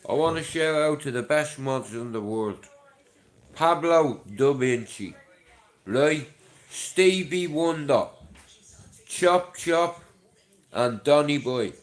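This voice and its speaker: A middle-aged livestream host with a Dublin accent speaks slowly, with long pauses, in a somewhat high voice with lively intonation. A chest infection leaves his voice chesty as he rambles casually to viewers, swearing freely.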